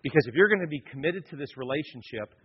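A man's voice: fairly high pitch, expressive, quick pace, muffled recording, a little hiss or hum. A man preaching a sermon, telling personal stories with joking asides to the congregation. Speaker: pastor.

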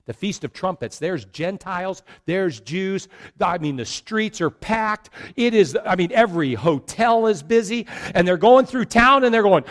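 A man's voice: high-pitched, moderate pace. A middle-aged man preaching a sermon as pastor, acting out the people in the story as he retells it. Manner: animated, acts out quoted characters.

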